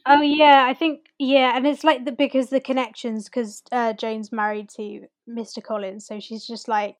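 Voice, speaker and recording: A woman retelling a TV plot in loose, rambling casual chat. Her fairly high voice sits dry and close to the mic. She drops into the characters' lines as she goes. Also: fairly even intonation, moderate pace, few pauses, no echo. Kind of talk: casual chat recapping a TV series.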